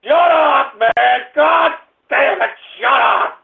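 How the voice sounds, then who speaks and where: A man hosting a call-in radio comedy show, ranting and shouting at callers in a cartoonishly high, strained voice. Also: takes it slowly, creaky. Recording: tinny phone-line sound.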